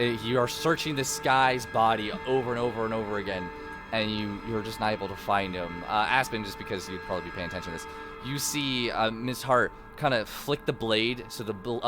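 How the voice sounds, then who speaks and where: A man narrating as dungeon master of a tabletop game, talking in a rambling, hesitant way with many fillers. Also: lowish voice. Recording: music playing behind.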